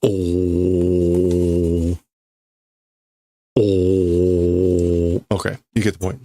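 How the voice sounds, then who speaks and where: A man's voice: sits low, monotone, drawn-out words, warm tone, no echo. A man livestreaming as he reads and translates manga in a casual way, thinking aloud and often stopping to correct himself.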